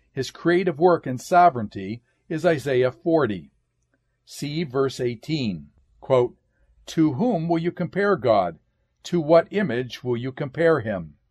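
Male lecturer, measured classroom delivery, steady reading of quoted passages. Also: mid-range voice. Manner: measured, reads quotations aloud, says "quote" and "end quote".

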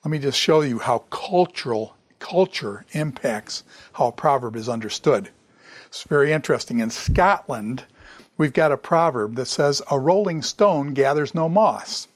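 A man's voice: medium pitch, lively intonation, normal speed, dry recording, studio quality. Man giving a casual classroom lecture. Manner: conversational, repeats phrases, frequent "okay?".

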